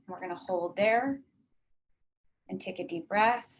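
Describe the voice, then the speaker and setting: A woman leading a guided tapping meditation, slowly repeating affirmations and pausing for breaths. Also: mid-range voice, slight background noise. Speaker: tapping session leader.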